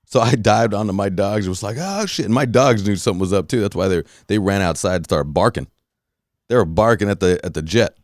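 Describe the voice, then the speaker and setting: A man hosting a podcast, telling a story in a casual, animated monologue, swearing and acting out his own reactions. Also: fairly low pitch, fast, no room sound, clean studio sound. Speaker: podcast host.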